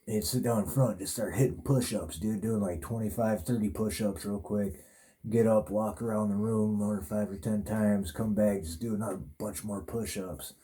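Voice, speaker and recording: A man with a very dark, mellow voice and a fairly low pitch tells a rambling story as a podcast host. He talks in a laid-back way, swearing freely and padding his lines with fillers. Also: steady tone, normal speed.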